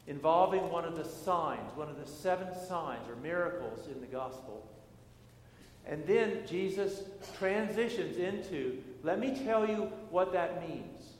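A middle-aged pastor preaching a sermon in a church, speaking in a deliberate, emphatic way with measured pauses. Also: male voice, a little high, slight background noise. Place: church sanctuary. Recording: echoey hall with faint ambience.

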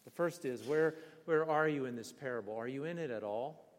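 Older preacher telling a vivid story. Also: male voice, mid-range voice, a little fast. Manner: vivid, animated storyteller with bursts of emphasis and laughter. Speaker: pastor. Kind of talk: sermon with personal storytelling. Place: church sanctuary. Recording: long hall reverb.

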